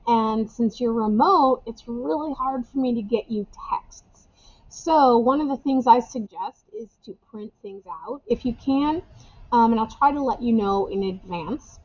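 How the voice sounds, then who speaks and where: A woman teacher talks through an assignment for her remote class in a relaxed, chatty way and repeats the key points. Her voice sits a little high, and the camera recording sounds slightly dull and lo-fi. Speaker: English teacher. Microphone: webcam or camera microphone.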